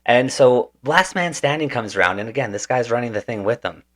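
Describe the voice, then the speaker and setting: A man's voice: medium pitch, expressive, fairly quick, a bit bright. A man hosting a podcast, telling a story in a casual, slangy way and calling people "dude" and "man". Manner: laid-back and slangy, says "dude" and "man". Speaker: podcast host. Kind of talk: casual conversation, animated storytelling.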